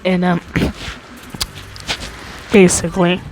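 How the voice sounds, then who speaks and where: Speaking extremely slowly in a completely flat, slightly mellow voice, an American woman hosting a storytime shares a childhood tale. She rambles, restarts often, and leans on fillers, becoming exasperated and going high when complaining. There's a little hiss or hum on the low-quality recording.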